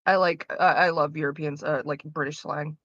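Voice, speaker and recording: A woman's voice: low voice, steady tone, moderate pace, fairly bright tone, dry recording, muffled recording. A woman streamer chatting casually with her viewers, rambling with lots of "like" fillers. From Canada.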